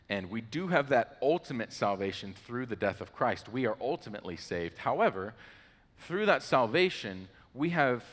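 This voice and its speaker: A man's voice: fairly low pitch, fairly bright tone, in a large hall. A man hosting a casual Christian talk, chatty and full of fillers. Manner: chatty, with many "like" fillers and laughs.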